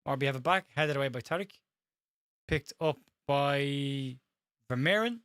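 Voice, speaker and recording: An Irish man hosting a live watch-along, calling the match fast and tripping over players' names while reading out viewer comments. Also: mid-range voice, a bit bright, clear, resonant tone, no room sound, studio quality. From Ireland. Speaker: host.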